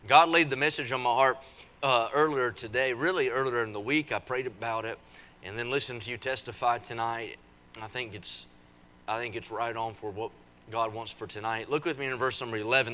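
Folksy, bright-voiced preacher man. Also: medium pitch, steady tone, brisk. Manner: folksy, teasing, builds to forceful preaching. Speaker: visiting preacher. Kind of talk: revival sermon with joking asides. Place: church service.

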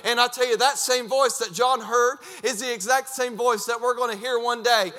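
A man preaching a fervent sermon, emphatic and repetitive, breaking into shouts. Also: very high voice, fairly even intonation, normal speed.

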